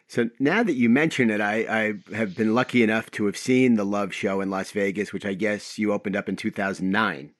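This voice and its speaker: A man's voice: lowish voice, a little fast, hardly any pauses, no room sound, clean studio sound. A man hosting an interview, talking in a reflective, conversational way. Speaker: interview host. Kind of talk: casual interview talk.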